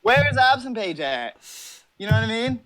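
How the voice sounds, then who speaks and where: A young man with a fairly high voice rambles through a casual interview from his car. He jokes and brags and swears constantly. He comes across as brash and over the top. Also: very animated, normal speed, pushed and bright. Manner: brash, profane, rambling comic boasting. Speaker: interview guest.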